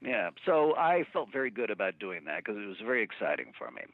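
A man who works as a voice actor tells stories from his career in an animated, laughing way during an interview. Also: on the low side, fairly quick, dry recording. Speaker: voice actor guest. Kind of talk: relaxed interview storytelling. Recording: tinny phone line, dry.

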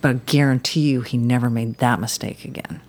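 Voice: mid-range voice, steady tone, fairly quick, a little mellow, a little hiss or hum. A podcast guest telling a long story in casual conversation, rambling with frequent restarts and fillers. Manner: rambling, many restarts and "you know"s.

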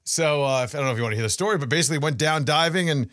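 A middle-aged man co-hosting a podcast, telling a story in casual chat with animated delivery and frequent restarts. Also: on the high side, very fast, no echo, studio quality. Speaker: podcast co-host.

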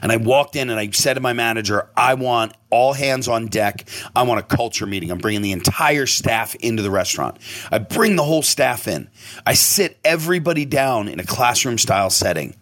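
A man's voice: mid-range voice, a little fast. A middle-aged man, a restaurant owner, telling a long story in a casual, emphatic way and swearing now and then. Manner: animated, emphatic, profane storyteller with sudden loud bursts. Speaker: restaurant owner and podcast host.

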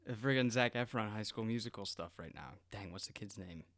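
A man with a lowish voice chats through a show recap, loose and joking, often letting his sentences trail away. The sound is dry and close. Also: brisk, a bit bright, no echo. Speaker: podcast co-host. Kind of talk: casual TV recap chat.

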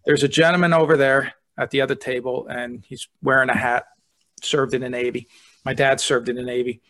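A man's voice: medium pitch, level tone, fairly quick, a bit bright. A man who is a deputy fire chief, telling stories earnestly and easily in a casual podcast chat.

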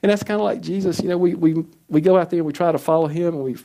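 A man's voice: racing, creaky, dark tone. A man preaching a sermon in an earnest, conversational way, acting out quoted prayers. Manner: earnest, acts out quoted prayers with rising pitch. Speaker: pastor.

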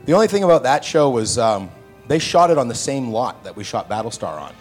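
A man on a convention panel telling long stories, lively and acting out the voices of the people he quotes. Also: mid-range voice, a little fast, soft background music. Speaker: panel guest actor.

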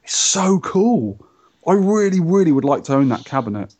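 A man's voice: on the high side, sing-song, moderate pace, a little mellow. A man hosting a podcast, chatting in a jokey, enthusiastic, rambling way. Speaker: podcast host. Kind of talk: casual chat.

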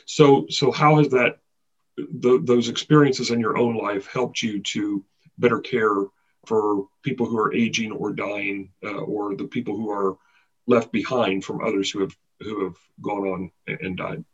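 Man, interviewer, husky, halting, many fillers, muffled recording. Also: lowish voice, fairly even intonation. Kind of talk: interview questions. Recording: dull lo-fi sound.

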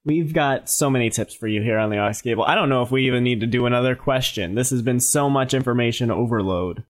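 A man's voice: medium pitch, fast talker. A young man co-hosting a podcast, chatting casually and cracking playful puns. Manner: punning, playful jokester. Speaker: podcast co-host. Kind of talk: casual chat.

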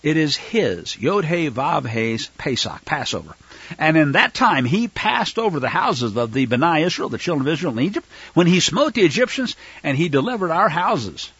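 Man teaching scripture, bright husky voice, goes from chatty asides to fired up. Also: on the high side, very animated, normal speed, no room sound, lo-fi sound. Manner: fervent, rises to loud denunciation; conversational asides to listeners. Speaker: fellowship teacher.

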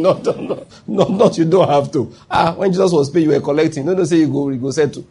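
A man's voice: fairly high pitch, brisk, hardly any pauses, mellow, husky. A man with a Nigerian accent preaching a sermon, emphatic and often asking whether listeners follow his point. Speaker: pastor.

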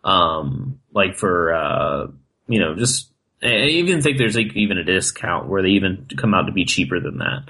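Casual podcast guy, low husky voice with a bright edge, cusses constantly, lots of "like". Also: sing-song, normal speed, poor audio. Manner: loose, heavy swearing and filler "like". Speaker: podcast co-host. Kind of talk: casual chat.

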